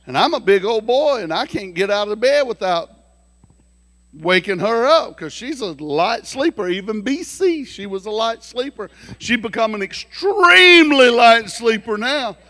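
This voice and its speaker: A man preaching a sermon through folksy, joking stories, animated and lively. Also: extremely high pitch, measured pace, no echo. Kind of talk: storytelling sermon.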